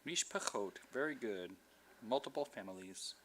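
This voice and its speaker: A man's voice: on the low side, expressive, moderate pace, fairly bright tone, slight background noise. A man teaching a Hebrew class, patient and explaining with examples and light jokes. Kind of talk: online class instruction.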